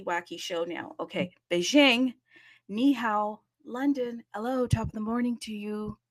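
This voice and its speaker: A woman's voice: mid-range voice, fairly bright tone. A woman hosting a live audio chat in a bubbly, rambling, chatty way. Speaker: host.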